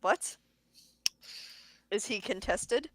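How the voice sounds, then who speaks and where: Female player, mid-pitched, dry close sound, teasing delivery. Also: animated, drawn-out words, fairly bright tone, dry recording. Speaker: player voicing a character. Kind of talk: in-character tabletop role-play.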